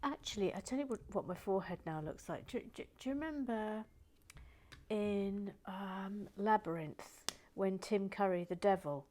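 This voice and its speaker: A woman's voice: medium pitch, normal speed. Lady rambling while she builds, drifts in and out of a whisper, laughs at herself. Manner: rambling, self-deprecating, slips between whisper and soft talk. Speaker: host of a building channel. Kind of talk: casual chat while building, partly whispered.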